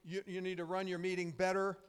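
A man's voice: high voice, completely flat delivery, fairly quick, smooth, lightly acted. A man preaching a sermon, voicing the impatient, bossy disciples. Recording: long hall reverb.

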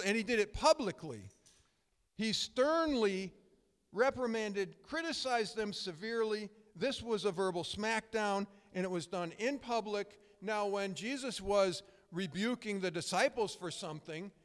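A middle-aged man preaching a sermon, conversational and emphatic, telling stories with frequent restarts. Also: high-pitched. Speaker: pastor. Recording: long hall reverb.

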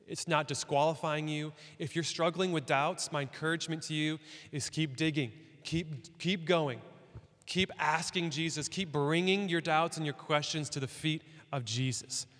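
A man preaching a sermon in a church, talking in a conversational, animated way. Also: a little high, normal speed, in a large hall. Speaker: pastor.

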